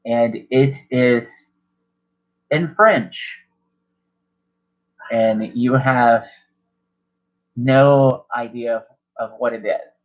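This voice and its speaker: Man, game master, mid-pitched, rambling, self-correcting, muffled lo-fi sound. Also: very slow, long pauses. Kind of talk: narrating a tabletop game. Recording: dull lo-fi recording.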